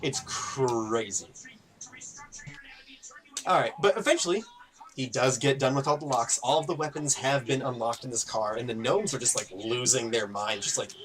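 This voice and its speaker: A man narrating a tabletop game as game master, telling the scene in a lively way full of fillers. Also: mid-range voice, normal speed. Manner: lively, animated storytelling with many fillers.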